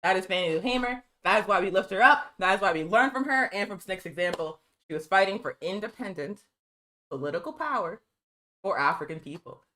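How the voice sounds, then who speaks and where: A woman hosting a live political news stream, talking fast and emphatically, calling her viewers y'all and reading from a press release. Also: mid-range voice, animated, pushed and bright, rough recording.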